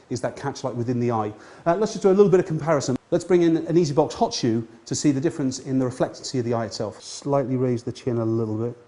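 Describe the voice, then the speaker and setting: An English man teaching portrait lighting, giving a hands-on demonstration and coaching a model as he works. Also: mid-range voice. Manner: directing a model with warm encouragement. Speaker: photography instructor. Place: outdoors at a seafront location.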